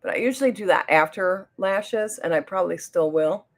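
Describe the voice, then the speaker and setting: A woman with a lowish voice and a New Jersey accent runs a laid-back makeup livestream, speaking at a normal speed. She talks with her audience, reads out their comments, and often drifts off mid-sentence while applying makeup.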